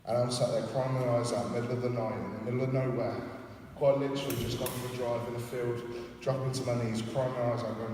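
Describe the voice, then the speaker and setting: A man preaches a sermon with earnest, impassioned conviction, stepping into quoted prayers and scripture. His pitch stays fairly flat and even. He sounds distant from the mic in a big echoing hall. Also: quick pace, slight background noise. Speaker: pastor. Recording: echoey hall, from far off.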